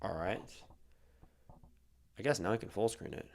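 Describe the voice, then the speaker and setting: A man's voice: on the low side, moderate pace. A man streaming a reaction to a video, thinking aloud in a casual way with lots of fillers.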